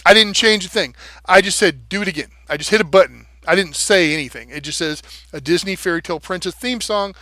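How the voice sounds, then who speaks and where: A man's voice: high voice, a little fast, pushed and bright, dry recording. A man talking casually and animatedly on a livestream, swearing freely and tapping out rhythms with nonsense syllables. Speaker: live streamer.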